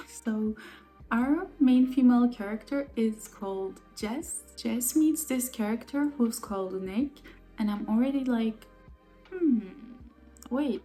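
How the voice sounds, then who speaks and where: Woman, book vlogger, casual enthusiastic chat, fillers, mellow tone. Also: a little high. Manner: enthusiastic, chatty with many fillers. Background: faint music.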